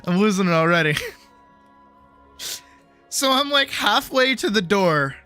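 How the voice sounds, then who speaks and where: A woman streamer telling a story in casual chat, animated, laughing often and swearing freely. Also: a little slow, faint music behind. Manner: quotes people in big high-pitched voices.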